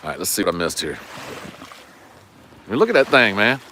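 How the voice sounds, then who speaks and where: A man's voice: fairly low pitch, sing-song, brisk, pushed and bright, a little hiss or hum. A man, chatting and joking with viewers during a fishing livestream from a lake shore. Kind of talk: casual livestream chat. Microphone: phone camera.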